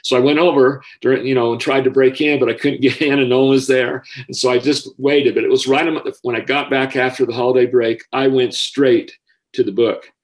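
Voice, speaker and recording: A man's voice: medium pitch, fairly even intonation. Earnest man telling a heartfelt story. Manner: earnest, emotional, halting restarts. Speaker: school counselor. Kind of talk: personal storytelling.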